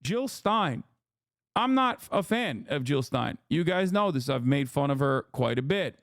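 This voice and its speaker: A man's voice: fairly high pitch, a little slow, no echo, clean studio sound. Man ranting on a livestream. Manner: profane, ranting, animated rambling. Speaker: streamer host. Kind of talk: casual livestream commentary.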